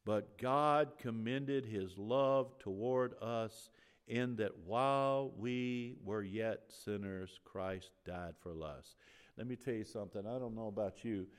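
A middle-aged man preaching a sermon in a church, his voice climbing and growing loud on key points, with many restarts and fillers. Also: lowish voice. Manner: animated, rising loud on emphasis, restarts and fillers.

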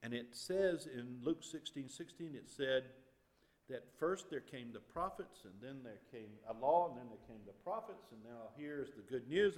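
A man preaching a sermon as pastor, swinging between loud and quiet passages. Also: medium pitch, lively intonation, moderate pace. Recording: long reverb of a large hall.

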